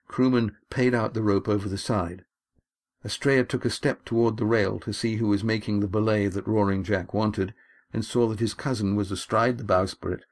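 A man reading his own adventure novel aloud in a measured, steady storytelling manner. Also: lowish voice. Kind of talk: audiobook narration.

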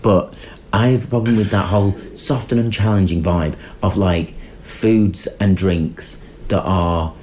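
A man's voice: deep voice, a little slow, slight background noise. A man on a podcast, chatting casually and riffing comically. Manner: comic, animated, riffs with mock voices. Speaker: podcast guest. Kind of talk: casual chat.

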